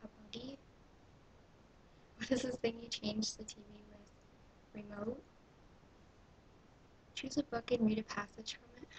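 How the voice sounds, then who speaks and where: A woman's voice: on the high side, fairly even intonation, a little slow, pauses often, a little hiss or hum, poor audio. A young woman with a Canadian accent from Ontario, recorded in a small bathroom as she casually reads questionnaire prompts aloud and answers them in an offhand, dry way. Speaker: vlogger. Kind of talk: casual vlog reading a questionnaire.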